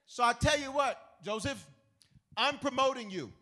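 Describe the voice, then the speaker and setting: A man voicing a boastful, grand male Pharaoh, making loud, exuberant proclamations. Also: lively intonation, normal speed, full character voice. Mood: proclaiming. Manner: booming, exuberant, laughing proclamations.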